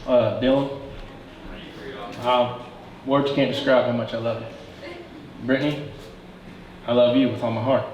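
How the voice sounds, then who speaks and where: A man giving a best man's wedding toast, joking between halting pauses and fighting back tears. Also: mid-range voice, fairly even intonation, highs cut off, crowd noise. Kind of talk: emotional wedding speech. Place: wedding reception room. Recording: very echoey room, distant mic, noisy.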